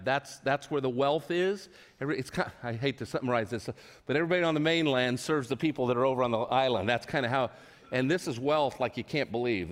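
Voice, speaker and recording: A male pastor telling a personal story in a sermon, chatty and self-deprecating, stumbling over his words as he goes. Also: mid-range voice. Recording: long reverb of a large hall.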